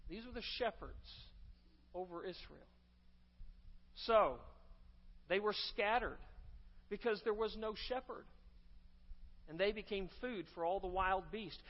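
A man's voice: high-pitched, a little slow, pauses often. A man pastor delivering a sermon, preaching emphatically and repeating key phrases with rising force. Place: church sanctuary. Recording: dull sound with long church reverb.

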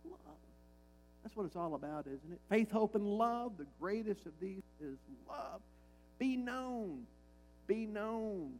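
Slow, gravelly-voiced preacher man. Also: sits high, darkish tone, a little hiss or hum, poor audio. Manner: emphatic, repeats key lines, asks rhetorical questions. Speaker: pastor. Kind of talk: sermon.

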